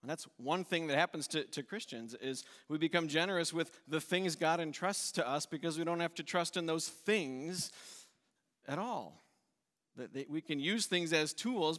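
Pastor, man, slightly high voice, casual sermon delivery that acts out its quotes, church hall reverb. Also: a bit bright. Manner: conversational, acts out quotes with shifts in pitch and volume.

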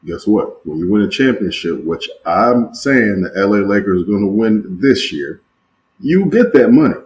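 A man's voice: on the low side, animated, normal speed, darkish tone, a little hiss or hum, low-quality recording. A man co-hosting a sports podcast in casual chat, slangy and emphatic, repeating phrases for effect. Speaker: podcast co-host.

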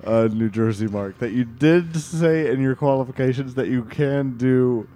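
Excitable young man in a comedy sketch. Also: mid-range voice, normal speed, faint music behind.

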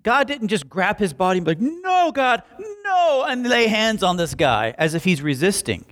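A young male pastor delivers a sermon in an animated, story-driven way. His voice sits high and swings widely in pitch as he acts out what people say. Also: fairly quick. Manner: animated, jokey storytelling with acted-out quotes.

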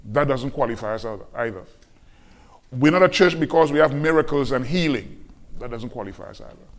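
A man preaching a sermon as pastor, emphatic and repetitive, slowing down to quote scripture. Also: medium pitch, lively intonation. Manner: emphatic preaching, repeats key phrases, slows on scripture quotes.

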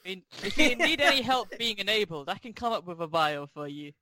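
A man's voice: high voice, sing-song, a little fast, bright, forceful tone. A man in a casual podcast chat, making wry jokes.

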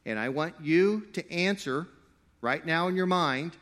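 A man preaching a sermon to a live congregation. He swings between loud, emphatic stretches and quiet asides, and he jokes with the crowd. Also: a little high, unhurried. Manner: playful, jokey with the crowd. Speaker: pastor.

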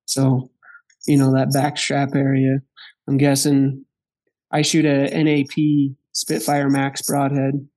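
A man telling a hunting story in casual chat, animated, laughing and acting out the dialogue of the people in it. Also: mid-range voice, takes it slowly. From Wyoming. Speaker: podcast guest.

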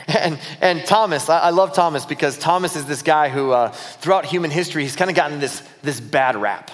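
A man preaching a sermon as pastor, retelling scripture in a lively storytelling way and acting out the disciples' voices. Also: fairly high pitch, brisk, in a large hall. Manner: storytelling, acts out dialogue of disciples. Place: church auditorium.

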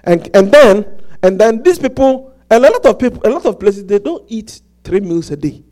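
A male pastor preaching a sermon, animated and repetitive, often stopping to ask the congregation if they follow him. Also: high-pitched. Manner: repetitive, asks the congregation "Do you get it?"; halting restarts, animated storytelling.

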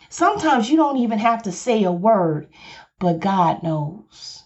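A woman's voice: medium pitch, moderate pace, muffled recording. A woman pastor with a Southern US accent, preaching passionately on a podcast and repeating her points. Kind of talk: podcast sermon.

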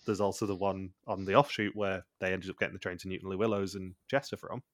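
A man's voice: low voice, level tone, fast talker, no echo. A man co-hosting a podcast, recapping a TV show in casual chat, blunt and swearing freely. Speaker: podcast co-host.

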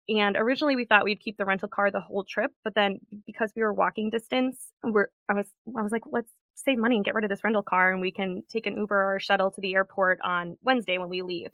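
Young woman guest, bright, dry-sounding voice, chatty storyteller. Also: mid-range voice, clean tone, no room sound. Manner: chatty storytelling with frequent laughs. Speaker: podcast guest. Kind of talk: casual chat.

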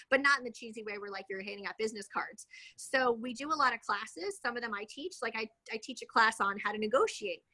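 A woman's voice: on the high side, bright, forceful tone, low-quality recording. A woman in her thirties, a real estate agent guest, talking casually in an interview, chatty and rambling with many fillers.

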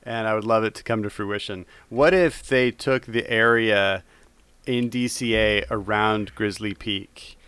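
A man co-hosting a podcast who lays out his ideas slowly and thoughtfully. His voice is fairly low, bright and smooth, and the sound is dry. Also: fairly even intonation, dry recording. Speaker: podcast co-host. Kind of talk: casual podcast chat.

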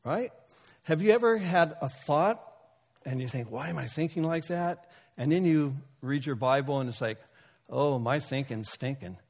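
A man's voice: fairly high pitch, expressive, moderate pace, darkish tone, big-room sound. A male pastor delivering a sermon in a folksy, conversational way, joking with and calling out to his congregation. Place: church sanctuary.

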